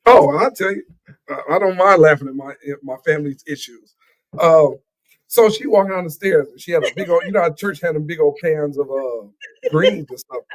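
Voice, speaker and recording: A man's voice: fairly high pitch, normal speed. Man co-host telling a funny story. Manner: storytelling, chuckling. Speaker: morning show co-host. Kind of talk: casual morning show chat.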